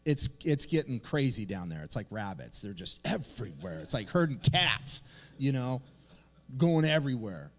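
A man's voice: medium pitch, normal speed. A middle-aged man preaching a casual, conversational sermon as a pastor, acting out little quoted lines as he talks. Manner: animated, conversational, acts out quotes. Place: church sanctuary. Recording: long reverb of a church hall.

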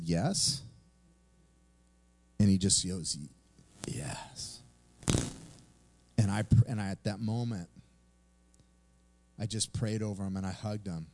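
A man's voice: on the low side, a little mellow. A man preaching a sermon, telling a personal story in a conversational way and then reading scripture aloud. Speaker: pastor.

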